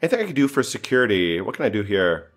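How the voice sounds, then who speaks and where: A man's voice: on the low side, big pitch swings, very fast, fairly bright tone. A man giving casual, joking commentary while playing a strategy game, thinking aloud and sounding exasperated. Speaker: gameplay streamer.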